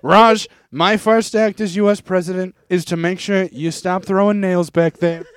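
A boastful older president holds forth in mock-stern tones, as a man puts him on. The voice sits fairly high for a man. His lines keep breaking into laughter, with a faint hiss behind. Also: fairly even intonation, normal speed, lightly acted. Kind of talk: comedic impression in podcast banter.

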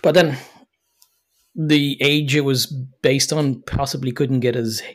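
A man's voice: mid-range voice, steady tone, slow. A man co-hosting a podcast, joking and laughing often, with stammering restarts. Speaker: podcast co-host. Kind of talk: casual movie review chat.

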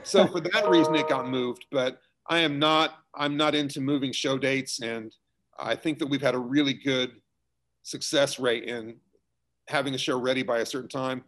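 A man's voice: mid-range voice, fairly even intonation, normal speed, a bit bright. Middle-aged man, easygoing explainer. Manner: conversational, explanatory, many fillers and restarts. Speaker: school theater director. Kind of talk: relaxed interview answers.

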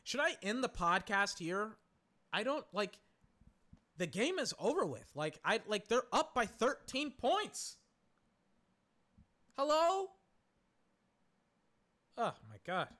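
Young male podcast host, high and bright, rambling and exasperated, fillers and cursing. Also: big pitch swings, a little slow. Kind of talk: casual live game commentary. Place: home, in a recliner.

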